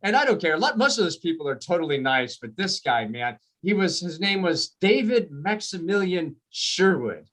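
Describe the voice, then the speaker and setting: A man doing a stand-up comedy set on a video call, telling stories in an animated way and laughing at his own jokes. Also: fairly high pitch, fairly quick, hardly any pauses.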